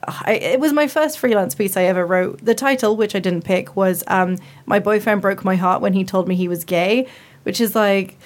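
A woman's voice: medium pitch, moderate pace. A young adult woman, a writer, chatting on a panel and acting out the lines she quotes. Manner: animated storyteller who acts out quotes. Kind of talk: casual panel chat.

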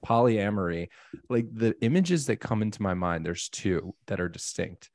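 A man's voice: on the low side, moderate pace, no echo, clean studio sound. A man hosting a casual podcast chat, playful and joking. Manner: playful, joking, animated asides. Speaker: podcast host.

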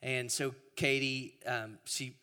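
A man, preaching a sermon in a relaxed storytelling way, with frequent restarts. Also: medium pitch, slow, clear, resonant tone. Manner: storytelling, conversational, with repeated restarts. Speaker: pastor. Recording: hall reverb.

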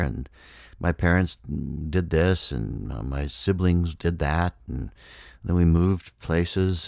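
A man giving a measured, reflective spiritual talk, explaining ideas step by step. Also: low voice, darkish tone, no room sound, studio quality. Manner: measured, explanatory, acts out inner voices. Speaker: speaker on consciousness.

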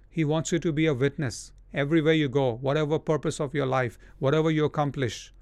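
A man's voice: fairly high pitch, fairly even intonation, brisk, few pauses, dry recording. A man preaching a sermon, hammering repeated commands and mimicking whining people. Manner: forceful, repetitive exhortations, mocking whiny voices.

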